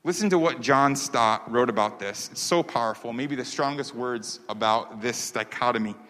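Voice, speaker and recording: A man's voice: mid-range voice, normal speed, fairly bright tone. A man preaching a sermon as pastor, earnest and emphatic, repeating key phrases for weight. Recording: long hall reverb.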